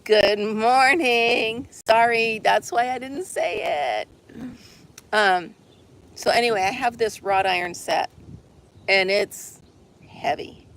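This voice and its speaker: A woman's voice: fairly high pitch, takes it slowly, fairly bright tone, slight background noise. A woman chatting casually with her viewers outdoors on a deck, rambling and laughing often. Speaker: livestream host.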